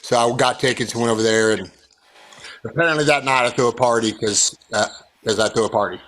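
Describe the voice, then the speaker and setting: Guy on a zoom call telling a story, really animated, does the voices when he quotes people. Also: medium pitch, fairly quick. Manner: animated anecdote-teller, acts out quotes. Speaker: songwriting circle participant. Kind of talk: casual storytelling on a video call. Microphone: video call.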